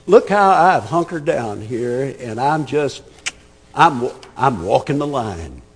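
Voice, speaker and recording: A man's voice: mid-range voice, lively intonation, takes it slowly, breathy edge, long reverb tail. A man preaching an expository sermon, emphatic and conversational, repeating words as he thinks. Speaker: pastor.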